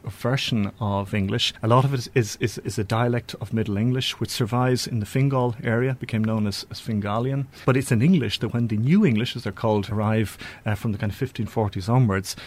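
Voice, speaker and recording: A man explaining history in a thoughtful, lecture-like way, often restarting his phrases. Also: fairly low pitch. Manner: thoughtful, with frequent restarts and fillers. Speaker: speaker on language history.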